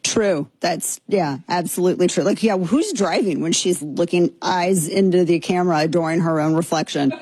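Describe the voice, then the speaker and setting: Woman talk radio host, husky voice, dry studio sound, mocking commentary. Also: lowish voice, moderate pace, hardly any pauses, warm tone, dry recording. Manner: mocking, scornful.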